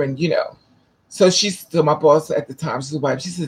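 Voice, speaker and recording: Male vlogger, husky and a bit high-pitched, loose profane storyteller. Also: normal speed, a little mellow. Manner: rambling, restarts, profane. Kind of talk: casual storytelling to camera.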